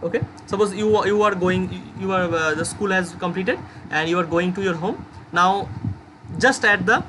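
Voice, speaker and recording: A man's voice: sits high, normal speed, sharp tone, rough recording. A young man with an Indian English accent teaching an online class, explaining with many "okay" checks and worked examples. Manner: explains with repeated okays and supposed examples. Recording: background noise, passing vehicles.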